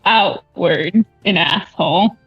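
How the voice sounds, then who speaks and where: A woman's voice: on the low side, slow pace, husky, dry recording, muffled recording, faint music behind. A woman playing a tabletop game, teasing and joking. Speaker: player. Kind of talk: casual tabletop game chat.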